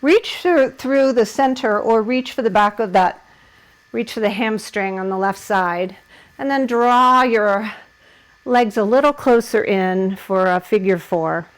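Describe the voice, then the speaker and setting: Slow-spoken woman guiding a yoga class. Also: mid-range voice, poor audio. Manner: encouraging, laughs at herself while holding poses. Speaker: yoga instructor. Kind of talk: guided yoga class instruction.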